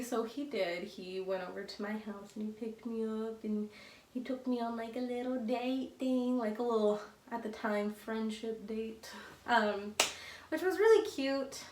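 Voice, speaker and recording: A woman's voice: a little high, a little slow, darkish tone. A young woman telling a casual storytime, rambling and chatty with lots of fillers and restarts. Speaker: vlogger. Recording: roomy echo, a bit far from the mic.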